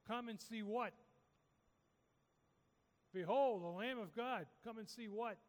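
A man's voice: sits high, slow, long reverb tail. A man preaching a sermon, urging his listeners with repeated, rising calls. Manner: repetitive, rising exhortation.

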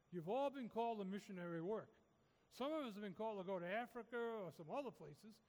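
High-voiced man preaching in a hall. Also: darkish tone. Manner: repetitive, rising exhortation. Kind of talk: sermon.

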